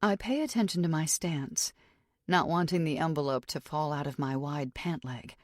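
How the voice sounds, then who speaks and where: A woman reads a first-person audiobook, measured and tense in her inner monologue. Her voice is low and the sound is dry and close. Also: dry recording. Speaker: audiobook narrator. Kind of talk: scripted first-person narration.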